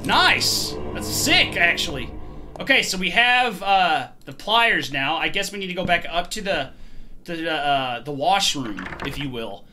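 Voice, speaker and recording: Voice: mid-range voice, measured pace, soft background music. A gaming host giving let's play commentary on a horror game, talking to the objects on screen and swearing and yelping at the scares. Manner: excitable, swears and shouts at scares.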